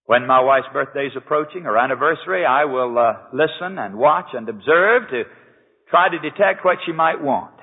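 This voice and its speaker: Earnest preacher in an echoey hall. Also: male voice, a little high, animated, normal speed, husky. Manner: earnest, conversational preaching with rhetorical questions. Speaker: pastor. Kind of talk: sermon. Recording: echoey hall over a tinny lo-fi line.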